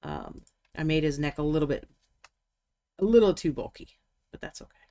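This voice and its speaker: A woman's voice: deep voice, wildly swooping pitch, normal speed, mellow. A woman hosting a live miniature painting stream, chatting casually and thinking aloud as she works. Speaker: livestream painting host. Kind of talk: casual livestream chat while painting.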